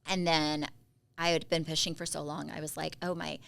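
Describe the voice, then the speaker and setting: A woman co-hosting a podcast, chatting casually and telling animated stories. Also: low-pitched, normal speed, gravelly. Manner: chatty storyteller, animated quotes. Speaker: podcast co-host. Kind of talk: casual chat.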